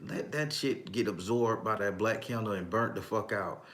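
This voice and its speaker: A man's voice: on the low side, moderate pace, fairly bright tone. A man hosting a casual livestream as a tarot reader, talking emphatically and profanely, reading viewers' comments aloud and often laughing. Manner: breaks into frequent laughter.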